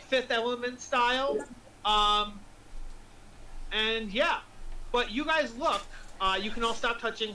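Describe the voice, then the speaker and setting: A man's voice: very high-pitched, sharp tone, a little hiss or hum, low-quality recording. A man narrating as game master in a chatty way, laughing often and using lots of fillers.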